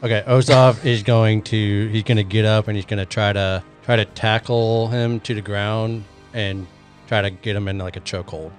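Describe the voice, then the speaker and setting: A man's voice: fairly low pitch, steady tone, moderate pace, soft background music. A man player describing his character's moves in an easygoing, hesitant way.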